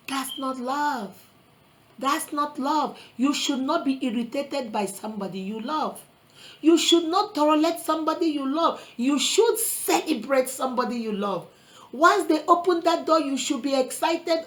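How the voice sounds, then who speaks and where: A woman's voice: sits high, animated, measured pace, poor audio. A woman vlogger giving earnest relationship advice in a preachy motivational talk, quoting scripture and calling listeners sister and brother. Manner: quotes scripture.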